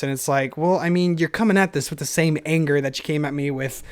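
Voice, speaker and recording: A man's voice: on the high side, fast, clean tone. A man talking to himself on a solo podcast in a loose stream of consciousness. He is a little tipsy from wine and keeps poking fun at himself. His talk is full of likes, you knows and half-finished thoughts. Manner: rambling stream of consciousness, self-deprecating, many fillers. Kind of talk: casual solo podcast monologue.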